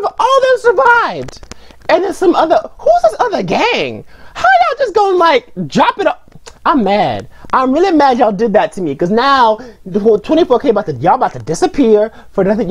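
Animated young woman ranting with slang. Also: mid-range voice, breathy edge. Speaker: reaction channel host. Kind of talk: casual music video reaction.

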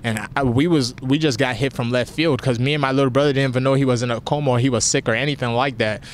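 A man's voice: medium pitch, steady tone, fast talker, slight background noise. A young man, a fighter, speaking candidly and with emotion in a post-fight interview, sometimes getting choked up. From family from Nigeria. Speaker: fighter interviewed after a win.

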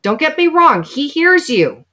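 A woman's voice: high voice, very animated, unhurried, bright, forceful tone. A woman speaks in an earnest, preaching tone, taking her time over every phrase. The recording is dull and lo-fi. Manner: earnest, preaching, quotes scripture. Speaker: guest. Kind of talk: sermon-like testimony. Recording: dull lo-fi sound.

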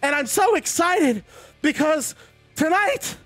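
A grinning, eerily sweet kids'-show host, put on by a man who squeaks his greetings in a very high, singsong voice. The cheer sounds forced and unsettling, with faint music playing behind. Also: lively intonation, slow pace, fairly bright tone, dry recording, heavily acted. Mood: eerily cheerful.

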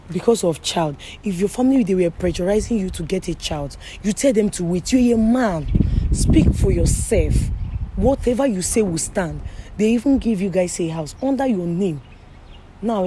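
A woman's voice: fairly low pitch, mellow, slight background noise. A woman with a Nigerian accent hosting a street prank interview, pleading with her guests and talking to viewers. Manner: pleading, soothing, addresses viewers. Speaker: host.

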